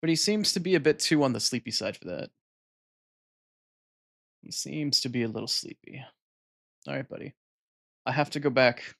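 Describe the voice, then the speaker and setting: A man streaming a video game, chatting casually into a desk microphone and cooing softly to his cat. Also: medium pitch, expressive, normal speed, creaky, pauses often. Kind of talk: casual live-stream chat.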